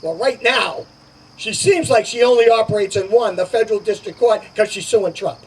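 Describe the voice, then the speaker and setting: High-voiced man giving an emphatic stump speech. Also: moderate pace, husky. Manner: emphatic, repetitive, punchy promises. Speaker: political candidate. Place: outdoor summer garden party. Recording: distant outdoor recording, crickets.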